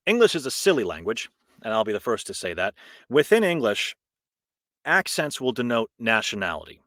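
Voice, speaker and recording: Male voice director presenting from his home booth, mid-pitched, casual, digressive, dry close studio sound. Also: fairly bright tone, no echo. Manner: casual, chatty, with asides and self-deprecating laughs. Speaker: voice actor and director giving a talk. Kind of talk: informal conference talk.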